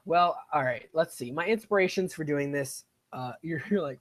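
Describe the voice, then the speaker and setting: Young dude rambling on a live game stream, chatty and kinda self-deprecating. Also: male voice, fairly high pitch, normal speed, a bit bright. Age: young adult. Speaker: gaming streamer. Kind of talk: casual live-stream commentary while playing.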